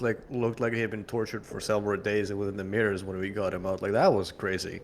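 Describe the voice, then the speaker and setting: A man playing a tabletop game, throwing in quick joking remarks. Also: fairly low pitch, flat delivery, a little hiss or hum. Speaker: player. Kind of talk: casual tabletop game banter.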